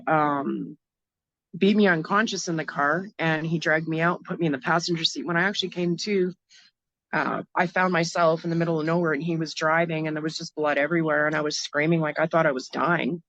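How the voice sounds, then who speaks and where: A woman from Canada, a guest in an interview, telling a hard personal story in a frank, halting way with many fillers and restarts. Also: sits low, steady tone, fairly bright tone, dry recording, highs cut off.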